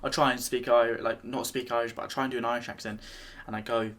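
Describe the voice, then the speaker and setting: Brief: young British guy, casual reaction-video host, rambling delivery with many restarts, medium pitch. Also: level tone, quick pace, fairly bright tone, a little hiss or hum. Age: young adult. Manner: rambling, frequent restarts and fillers. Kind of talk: casual chat.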